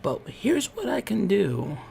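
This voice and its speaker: A man voicing a creepy, very old man who speaks in a low, breathy near-whisper. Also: wildly swooping pitch, a little slow, darkish tone, slight background noise, heavily acted. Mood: creepy hush.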